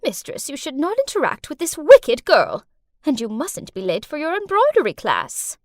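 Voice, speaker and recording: A woman voicing a stern, proper female maid in an animated story, speaking in a formal, scolding way. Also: high voice, normal speed, no echo, studio quality.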